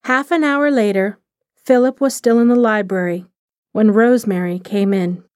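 A woman narrating a short story in a measured, expressive reading. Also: mid-range voice, no echo, clean studio sound.

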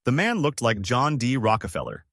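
A man's voice: medium pitch, sing-song, normal speed, fairly bright tone, dry recording, clean studio sound. A man narrating a story chapter in a plain reading voice.

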